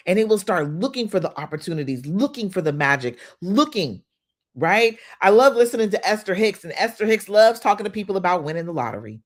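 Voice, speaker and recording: A host guides listeners through gratitude and affirmations at a deliberate pace, repeating each line. Between exercises the talk turns informal and energetic, with slang and shout-outs to viewers. The voice sits in a middle register. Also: mid-range voice. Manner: leads slow repeated affirmations, greets chat viewers; informal, upbeat preaching with slang. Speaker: host of a live money-mindset session. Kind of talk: guided visualization and affirmations on a livestream.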